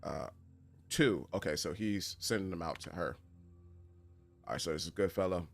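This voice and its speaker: A man's voice: sits low, expressive, measured pace, vocal fry, long pauses. A man streaming a game who reads in-game messages aloud and laughs often in casual commentary. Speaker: gaming streamer.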